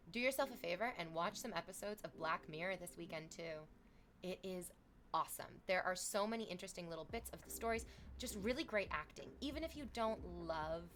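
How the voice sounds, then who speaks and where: Streaming live with a slight hiss or hum in the background, a young woman talks to her viewers in a mid-range voice. She reads their chat messages out with lots of animation and thanks her subscribers.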